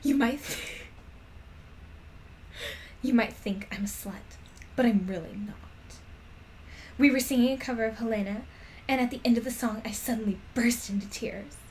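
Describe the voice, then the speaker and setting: A woman's voice: on the high side, normal speed, long pauses, darkish tone, a little hiss or hum. A woman streamer reading a fan story aloud with amused commentary, often breaking into laughter.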